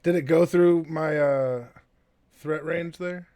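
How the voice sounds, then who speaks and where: A man speaks slowly while playing a tabletop game. He rambles through his options with many restarts, swearing and laughing as he thinks aloud. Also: on the high side, fairly even intonation, dark tone. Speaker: player. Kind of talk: casual tabletop game talk.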